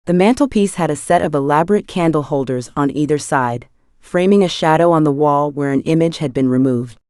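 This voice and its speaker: A woman narrates an audiobook with an even, measured delivery. Her voice sits low, and the recording is close and completely dry. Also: clear, resonant tone, no echo.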